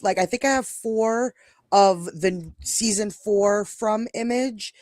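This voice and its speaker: A woman with a New York accent co-hosts a casual live stream, chatting and rambling and often cutting herself off mid-sentence. Her medium-pitched, darkish voice is slow, recorded in studio quality with no room sound.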